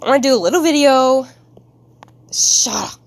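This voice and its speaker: A woman's voice: sits high, normal speed, dry recording. A woman streamer chatting casually with her viewers while she draws, giggling and rambling in a silly way. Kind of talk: casual live-stream chat while drawing.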